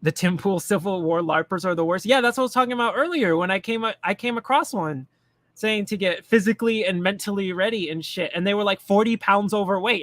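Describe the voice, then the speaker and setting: A man's voice: high-pitched, quick pace, a bit bright, no echo. A man ranting bluntly and profanely in casual political commentary, mocking the people he talks about. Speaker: commentary streamer.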